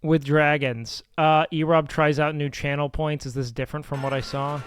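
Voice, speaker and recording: A young man streaming, reacting in a loose, profane, excitable way. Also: a little high, normal speed, clear, resonant tone, faint music behind. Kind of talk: casual live-stream reaction.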